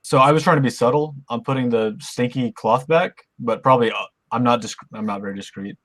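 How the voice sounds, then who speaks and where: A man's voice: mid-range voice, fairly quick, dry recording. A man playing a tabletop role-playing game, casually describing his character's actions in the first person. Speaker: player.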